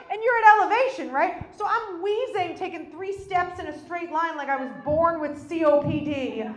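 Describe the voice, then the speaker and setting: A woman with a high voice works a stand-up set on a live stage. She tells her story in a self-deprecating way and acts out the quotes. The mic picks up a roomy echo from the venue. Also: fairly bright tone. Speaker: stand-up comedian.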